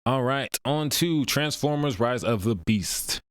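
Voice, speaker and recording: A man co-hosting a movie review podcast, relaxed and agreeable in casual chat. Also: medium pitch, a little slow, clean tone, no room sound, clean studio sound. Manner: relaxed, agreeable, lots of backchannel. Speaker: podcast co-host.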